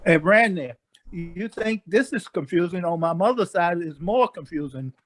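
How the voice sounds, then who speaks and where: A man's voice: high voice, expressive, normal speed. An older man on a video call, rambling and hesitant as he tells family stories, laughing along. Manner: rambling, hesitant storyteller who laughs at his own tale. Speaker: family member. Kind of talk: casual family chat.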